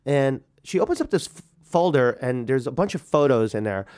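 A man's voice: mid-range voice, animated, brisk, darkish tone. Man telling his own story, conversational. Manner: conversational, acts out dialogue. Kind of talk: personal storytelling.

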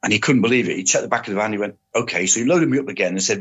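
An older man tells his anecdotes in an unhurried, matter-of-fact way. His voice sits low and husky. The recording sounds dull and lo-fi. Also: a bit bright. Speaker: podcast guest, former soldier and police officer. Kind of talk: casual storytelling. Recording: dull lo-fi audio.

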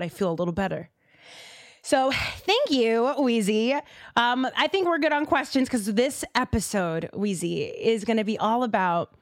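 A woman's voice: on the high side, dry recording. Chatty woman hosting a podcast, dry sound. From Boston, USA. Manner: chatty and animated, with lots of fillers and side remarks. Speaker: podcast host. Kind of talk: casual podcast talk.

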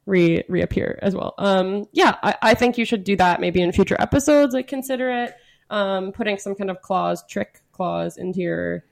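A woman's voice: mid-range voice, moderate pace, gravelly. A woman who is a comedian, a guest on a comedy podcast, talking in a rambling, playful way with many fillers.

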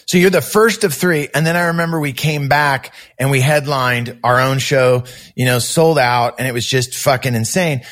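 Animated middle-aged man telling a story. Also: medium pitch, moderate pace, few pauses. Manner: animated storyteller, acts out quoted voices, swears freely. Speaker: podcast guest musician. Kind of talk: casual storytelling chat.

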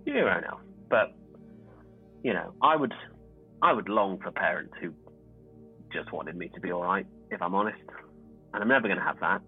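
A man's voice: sits low, animated, normal speed, pauses often, husky, soft background music, exaggerated voice. A man playing in a tabletop role-play game, earnest and rambling, with a joking streak. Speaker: player. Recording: tinny phone-like line.

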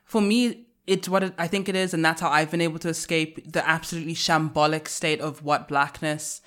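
Podcast cohost musing out loud, mid pitch, lots of restarts, laid back convo. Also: steady tone, fairly quick. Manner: thinks aloud, with frequent restarts and trailing clauses. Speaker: podcast co-host. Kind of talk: reflective casual conversation.

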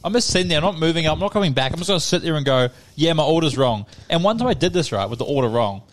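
A young Australian man with a fairly high voice and a rapid, tumbling delivery. He rants his way through a story on a casual podcast, swearing freely and putting on the voices of the people he mentions. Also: expressive. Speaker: podcast co-host.

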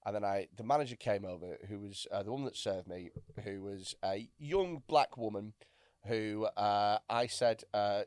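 A man's voice: on the low side, normal speed, a little mellow, clear, resonant tone, no echo, studio quality. A man, a podcast co-host, telling a comic story in casual chat with restarts and frequent swearing. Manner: rambling, restarts, swears freely. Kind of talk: comedic anecdote in casual chat.

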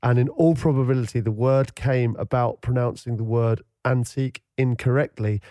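A man co-hosting a casual podcast chat, wry and mock-offended, talking in an animated way. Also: mid-range voice, normal speed, no room sound, clean studio sound. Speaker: podcast co-host.

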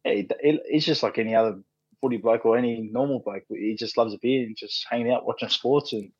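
Talking fast in a mid-range voice with a darkish tone and breathy edge, an Australian podcast guest in his thirties, a rugby league player, tells laid-back stories packed with fillers and swearing. There's no room sound, and the recording is dull and dry.

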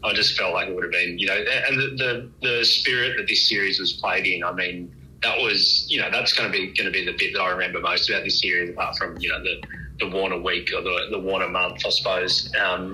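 A man, a cricket reporter on a podcast, chatting in a relaxed, rambling way with many fillers and restarts. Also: low-pitched, rough recording. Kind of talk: casual podcast chat. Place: at the ground, with faint ambience behind.

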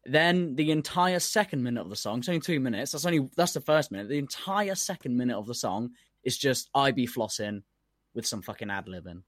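A man's voice: mid-range voice, lively intonation, fairly quick, dry recording, clean studio sound. A man co-hosting a casual comedy podcast, ranting and swearing a lot as he gets worked up. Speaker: podcast co-host.

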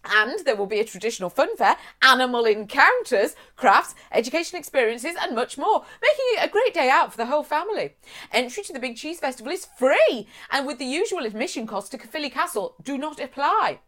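A woman co-hosting a casual chat show, reading a news story aloud with gushing, lively reactions. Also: sits high, brisk. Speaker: podcast co-host.

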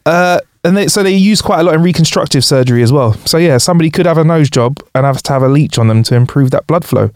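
Man, young, higher voice, casual podcast co-host, laughing often, dry recording. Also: fast talker, hardly any pauses, darkish tone, no echo. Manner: explains facts with frequent laughter.

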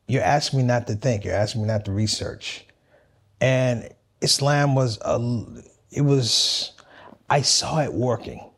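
American man, comedian guest, earnest reflective storytelling, repeats himself, mid-pitched voice. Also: a little mellow, husky. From United States. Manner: earnest, repeats words, calls people man.

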